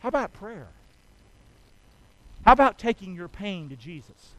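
A man's voice: sits high, very animated, unhurried, a bit bright, poor audio. A man preaching a sermon, folksy and full of rhetorical questions to the congregation. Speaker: pastor.

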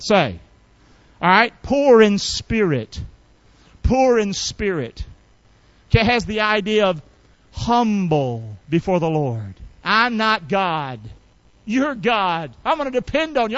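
A man preaching a sermon in a folksy, colloquial way, calling on the congregation to repeat after him and rising to shouts. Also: high-pitched, dry recording, lo-fi sound. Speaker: pastor.

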